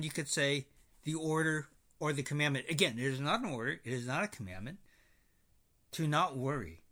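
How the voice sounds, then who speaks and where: A man's voice: a little high, sharp tone. A man preaching on a Bible passage, emphatic and repeating his points in new words. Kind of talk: Bible teaching.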